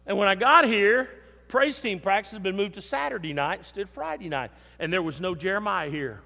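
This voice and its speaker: An older man preaching a sermon in a church, emphatic, with swings between loud and soft. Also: high-pitched, fairly quick, vocal fry. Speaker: pastor. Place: church sanctuary. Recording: long hall reverb.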